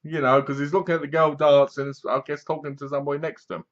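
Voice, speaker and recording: A man's voice: fairly high pitch, little pitch movement, fast talker. A man casually reviewing a film to his webcam, retelling the plot in a rambling way and laughing at the jokes. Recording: dull lo-fi webcam audio.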